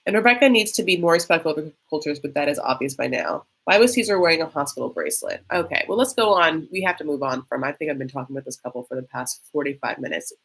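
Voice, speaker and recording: A woman hosts a live stream reacting to a reality show, chatty, sarcastic and theatrical. Her deep, gravelly, husky voice is a bit bright and swings widely in pitch. She talks fast with hardly any pauses.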